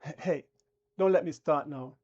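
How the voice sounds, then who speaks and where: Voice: medium pitch, normal speed, a little mellow, dull audio. A channel host delivering a combative, preachy live-stream rant that talks down to the viewers.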